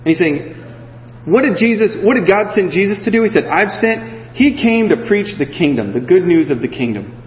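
A man preaching a conversational sermon, animated and full of fillers, acting out the voices of the people in the story. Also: high-pitched, moderate pace. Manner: animated, acts out voices of the disciples with many fillers. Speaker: pastor. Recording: echoey hall, slightly dull sound.

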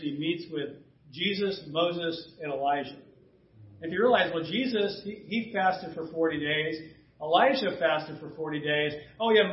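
Male pastor, high voice, conversational sermon with throat clearing, dull echoey church sound. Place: church sanctuary. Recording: distant roomy church recording, dull sound.

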